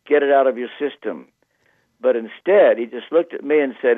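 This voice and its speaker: A man telling a personal story as a radio guest, earnest and quoting others with slow emphasis. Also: mid-range voice, dry recording. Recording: dull, dry lo-fi radio audio.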